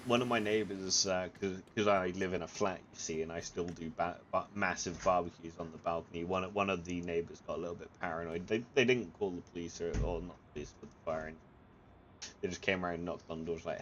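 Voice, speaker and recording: A man telling rambling stories to friends in a casual voice chat, halting with fillers and restarts. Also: low-pitched, fairly even intonation, fairly bright tone, muffled recording, slight background noise. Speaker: gamer chatting with friends on voice chat. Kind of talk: casual storytelling.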